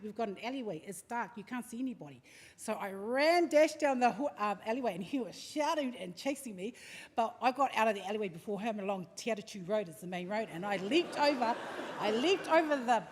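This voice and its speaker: A middle-aged woman with a New Zealand accent, sharing an animated personal story at a memorial service. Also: on the high side. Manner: animated, acts out the story with lively asides. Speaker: family member speaking at a memorial service. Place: large hall at a live-streamed service. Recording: echoey hall with faint background noise.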